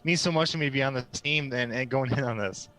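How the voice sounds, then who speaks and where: A man's voice: medium pitch, fast, a bit bright, close to an everyday voice, poor audio. A man voicing an eager young male adventurer who stammers and gushes. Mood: gushing. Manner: stammering, gushing.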